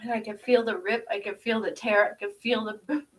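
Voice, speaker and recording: Crying and breathless, a woman with a fairly high, fairly bright voice channels a spiritual vision in an emotional session, speaking fairly quickly with fairly even intonation. She stops, repeats herself, and laughs through tears, sounding slightly distant from the mic.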